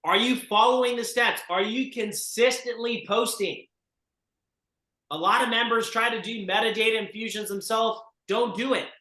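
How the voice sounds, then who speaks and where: Leading real estate agents through a group coaching session, a high-voiced, bright-sounding man talks at normal speed. His delivery is emphatic and forceful as he urges them to act, with clear echo from the room.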